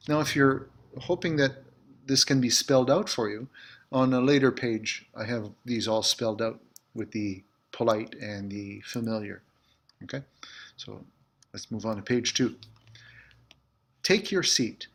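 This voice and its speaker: A male French teacher giving a classroom lesson, with a slightly husky, breathy voice. He speaks slowly and patiently, saying each phrase over and over for his students. His pitch sits in an ordinary middle range.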